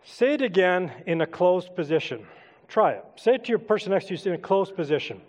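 Middle-aged pastor guy, pretty high voice, chatty sermon getting folks to join in, big echoey church hall. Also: very animated, brisk, darkish tone, highs cut off. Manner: conversational, coaxing the congregation to take part. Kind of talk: interactive sermon. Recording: long hall reverb.

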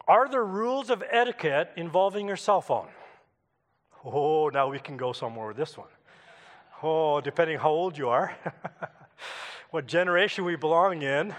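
Storytelling preacher in an echoing hall. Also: male voice, fairly high pitch, fairly bright tone. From Canada. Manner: conversational storytelling with asides to the congregation. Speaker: pastor. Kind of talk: sermon.

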